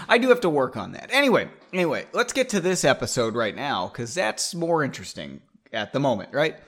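A man's voice: mid-range voice, big pitch swings, fairly quick, fairly bright tone. A man hosting a casual show, chatting and reading his story aloud with frequent digressions and laughs. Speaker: podcast host reading his own story.

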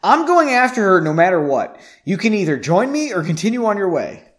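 A man doing a squeaky, frantic young mage. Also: huge pitch swings, takes it slowly, heavily acted. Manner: loud, high, half falsetto.

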